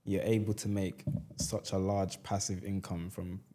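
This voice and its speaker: Low mellow guy on a podcast, calm thoughtful opinions. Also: unhurried. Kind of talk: casual chat.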